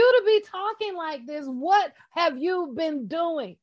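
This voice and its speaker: A woman's voice: very high voice, animated, slow, hardly any pauses, dull audio. A woman teaching a casual sermon, talking straight to her listeners in an impassioned, emphatic way. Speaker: bible teacher.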